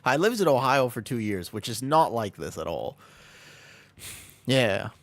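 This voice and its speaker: A man's voice: medium pitch, big pitch swings, a little fast, no echo. A man with a Midwestern American accent chatting casually with viewers while he plays, upbeat and joking, often breaking into laughter. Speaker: streamer. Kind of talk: casual live-stream chat while gaming.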